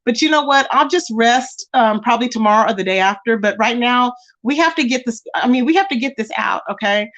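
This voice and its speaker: A woman's voice: on the high side, animated, a little fast, few pauses, fairly bright tone. A woman hosting a casual live stream, chatting with viewers and reading their comments, calling them baby and child.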